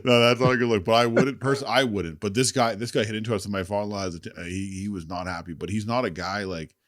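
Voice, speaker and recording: A man with a deep, low voice co-hosts a podcast, spinning loose, rambling stories. He swears casually and restarts his sentences as he talks. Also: steady tone, fast talker, fairly bright tone, no room sound, studio quality. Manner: rambling storytelling, swears, laughs easily. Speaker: podcast co-host. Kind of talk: casual chat.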